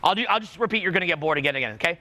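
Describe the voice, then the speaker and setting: A man with a high, bright, forceful voice runs a live speaking workshop. He coaches with commanding energy, pushing a student to get louder. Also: expressive, very fast, a little hiss or hum.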